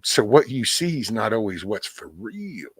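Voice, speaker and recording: A man's voice: lowish voice, slightly rough, dry recording. A middle-aged man, rambling casually on a livestream and answering chat by name. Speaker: livestream host. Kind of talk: casual live-stream chat.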